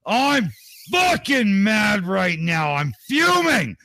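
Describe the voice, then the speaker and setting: A man putting on the voice of a furious, foul-mouthed male online supporter, reading a chat comment as a shouting, swearing rant. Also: high-pitched, huge pitch swings, takes it slowly, gravelly, no echo, voice pushed up, heavily acted.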